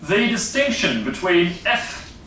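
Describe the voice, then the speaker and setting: This phonetics lecture comes from a man with a Dutch accent whose high-pitched voice is pushed and bright, swinging widely in pitch at a slow pace. He goes step by step, heavy on fillers and repeated "yeah?" checks. The recording is distant and echoey in a lecture room, with a little hiss or hum.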